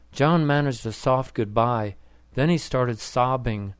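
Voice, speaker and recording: A man narrating a story for English learners in an even, plain reading manner. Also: medium pitch, slow, clear, resonant tone, no room sound.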